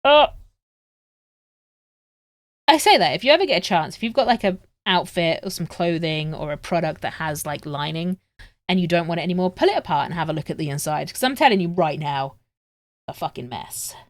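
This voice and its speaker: A woman's voice: on the low side, lively intonation, a little fast, no room sound. A woman chatting casually on a live stream while she sews at home, joking at her own expense and swearing freely. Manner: chatty, self-mocking and swearing.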